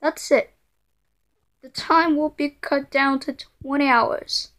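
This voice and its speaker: A woman voicing a quick-tempered female computer error that scolds the user, threatening and stammering as she goes. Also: high voice, steady tone, fairly bright tone. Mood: angry scolding.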